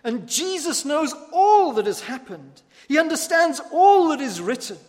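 A man, a pastor from the United Kingdom, preaching a sermon in a church, animated and emphatic with wry asides. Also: very high-pitched, unhurried, big-room sound.

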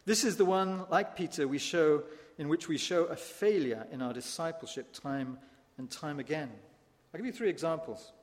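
Animated high-voiced preacher in a reverberant church. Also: male voice, normal speed. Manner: animated, rising to emphatic peaks with wry asides. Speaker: pastor. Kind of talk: sermon.

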